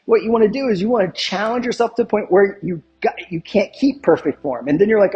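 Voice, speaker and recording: High-voiced emphatic male fitness coach. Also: quick pace, darkish tone. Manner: emphatic, repeats catchphrases and asks the viewer rhetorical questions. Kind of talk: instructional fitness talk to camera.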